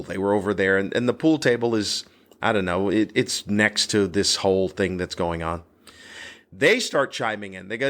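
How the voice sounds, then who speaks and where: A man who hosts a podcast as a stand-up comedian, telling a story in a solo episode. He talks bluntly and crudely, and his voice jumps high as he relives the moment. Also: sharp tone.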